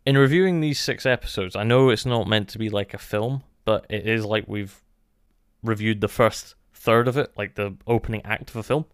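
A man talks through a show review in a loose, musing way, stacking "like" between his thoughts. His voice is smooth and clear. The sound is dry and close, with no room echo. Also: on the low side, moderate pace. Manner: thoughtful, musing, many "like" fillers. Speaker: podcast co-host. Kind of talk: casual review chat.

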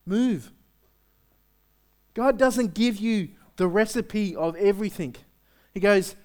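A male pastor giving a sermon in a conversational, animated way, with lots of rhetorical questions. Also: sits high, takes it slowly, pauses often.

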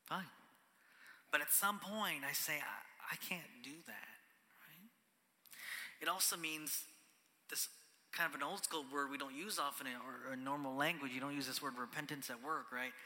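A man preaching to his congregation in a very bright, ringing voice, pitched a little high. He talks casually, keeps checking in with the room, and sometimes drops to a hush for emphasis. His voice trails off into the long reverb of a church hall. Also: steady tone, normal speed. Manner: conversational preaching, often ends on "right?", drops to a whisper for emphasis. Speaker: pastor. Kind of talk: sermon.

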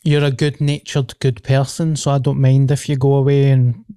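A man's voice: medium pitch, little pitch movement, normal speed, warm tone, clean tone, no echo, studio quality. A young man with a Glaswegian accent hosting a casual podcast, rambling and swearing as he chats. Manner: swearing, laughing, rambling banter. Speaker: podcast host.

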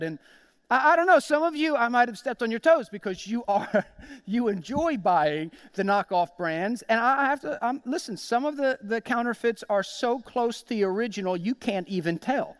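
A young adult man from South Jersey preaches from the pulpit, his voice high and smooth. He tells funny stories and acts out other people's lines with quick jumps in energy. The sound is dry and close. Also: dry recording. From South Jersey, USA. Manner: animated storytelling, acts out quoted voices. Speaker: pastor. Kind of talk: sermon.

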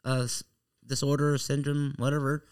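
A man's voice: mid-range voice, little pitch movement, moderate pace, a little mellow, clean tone. A man co-hosting a wrestling podcast, rambling through odd news stories in casual chat. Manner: rambling, laughs along, slips into put-on voices. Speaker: podcast co-host reading news.

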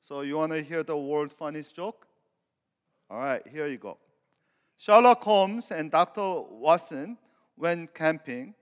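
A man's voice: fairly high pitch, animated, unhurried, clean tone. A man preaching a sermon as a pastor, stretching out key words for emphasis. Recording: long hall reverb.

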